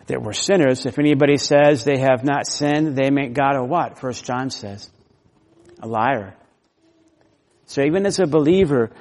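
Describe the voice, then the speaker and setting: Male preacher, slightly high voice, emphatic Bible teaching, long hall echo. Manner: emphatic, leans hard on key words. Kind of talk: expository sermon.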